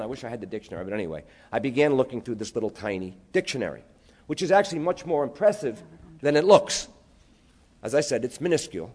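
Animated New York storyteller man. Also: mid-range voice. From New York, USA. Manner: lively, spells words out, acts out relatives' voices. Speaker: storyteller speaking to an audience.

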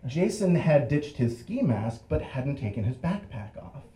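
A man's voice: mid-range voice, unhurried. A young adult man telling a first-person story, acting out the voices of the people in it. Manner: animated, acts out voices in the story and laughs through it. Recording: roomy echo.

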